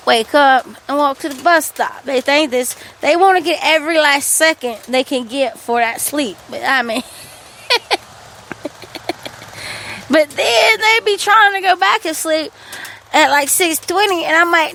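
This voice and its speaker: A woman, hosting a podcast and telling a rambling, animated story about her household, swearing freely. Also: sits high, measured pace. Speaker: podcast host. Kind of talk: casual storytelling monologue.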